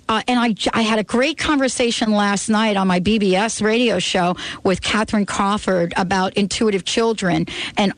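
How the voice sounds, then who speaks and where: A woman's voice: a little high, no room sound, low-quality recording. A woman hosting a radio call-in show, giving an intuitive card reading in an earnest, insistent way and repeating her key phrases.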